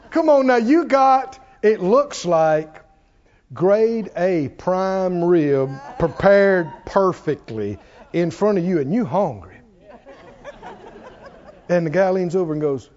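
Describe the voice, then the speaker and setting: A preacher man delivers a sermon in a high, lively voice that swoops up and down. He's folksy and keeps laughing, dropping into low mock voices to play people. The recording sounds dull and lo-fi. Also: unhurried.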